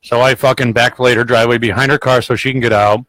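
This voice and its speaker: A man's voice: mid-range voice, fairly even intonation, quick pace, poor audio. A man hosting a podcast who tells stories in casual chat, swearing constantly and rambling bluntly. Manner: grows loud and heated when retelling arguments. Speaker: podcast host.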